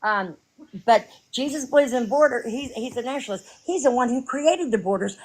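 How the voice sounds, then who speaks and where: Female caller; halting and unsure, turns emphatic and sermon-like. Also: fairly high pitch, lively intonation, rough recording. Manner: hesitant with many ums, then preachy and emphatic. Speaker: caller in a debate. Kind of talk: casual live debate.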